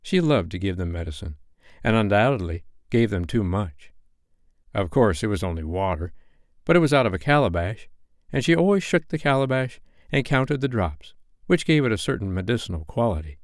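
Lively low-voiced male storyteller. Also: normal speed, dry recording, studio quality. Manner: expressive, animated reading. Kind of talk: bedtime story reading.

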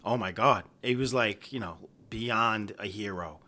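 A man from New York with a thick New York accent, telling stories in casual chat, profane and animated. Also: lowish voice, a little slow. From New York, Brooklyn. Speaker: podcast guest, artist.

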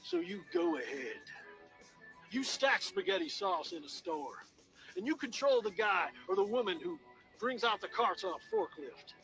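A man's voice: high-pitched, sing-song, moderate pace, gravelly, a bit bright, soft background music, poor audio. A man in a played clip, rambling and jumping between topics.

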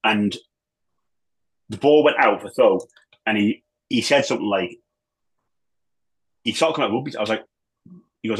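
A man, a former footballer and manager, chatting as a podcast guest in an animated, rambling way, full of restarts and the odd swear. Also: lowish voice, fast, pauses often, slightly rough, rough recording. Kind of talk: casual chat.

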